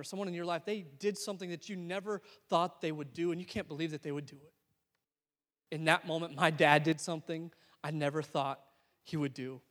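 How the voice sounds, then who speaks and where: High-voiced young man preaching. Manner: storytelling, swings from hushed to excited. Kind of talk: sermon. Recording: long hall reverb.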